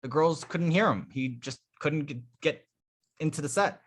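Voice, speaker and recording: Male dating coach, slightly high, forceful bright tone, energetic and emphatic, restarts phrases. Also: moderate pace. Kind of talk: live group coaching feedback.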